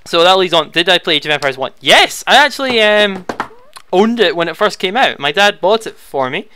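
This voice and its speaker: A man's voice: sits high, animated, brisk, pushed and bright, slight background noise. A young man answering viewer questions in a casual, rambling way, chatty and easily flustered, talking into a headset at home. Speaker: YouTube Let's Player. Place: home room.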